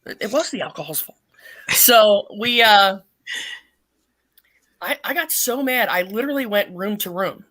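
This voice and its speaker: A middle-aged woman, a podcast guest, telling a long story in a blunt, profane and animated way. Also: medium pitch, unhurried, pauses often. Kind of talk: casual storytelling.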